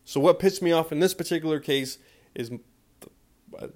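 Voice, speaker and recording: A man's voice: on the high side, normal speed, darkish tone. A man in his twenties hosting a podcast, ranting with emphatic, profane repetition. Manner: profane, repeating a refrain, emphatic. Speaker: podcast host. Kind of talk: fired-up podcast rant.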